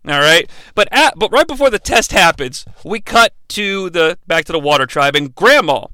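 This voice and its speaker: A man's voice: sits high, lively intonation, moderate pace, pushed and bright, no echo. A man hosting a comedic bad-movie podcast, rambling and sarcastic with lots of swearing.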